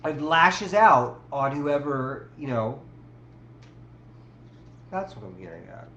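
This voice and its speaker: A woman's voice: low-pitched, lively intonation, slow, fairly bright tone, dull audio. A woman hosting a casual livestream, rambling with restarts and talking to her chat. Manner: rambling, many restarts and fillers, talks to chat. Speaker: livestream host. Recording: roomy with faint background hum.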